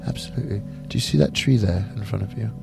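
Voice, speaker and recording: A man voicing a seductive male devil who flatters and coaxes in hushed tones, in whispered role-play. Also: lowish voice, fast, creaky, over music.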